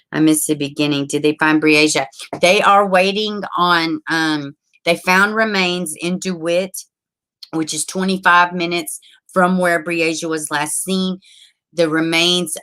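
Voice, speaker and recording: A woman hosting a casual livestream, chatty and excitable, reading chat and laughing often. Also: fairly low pitch.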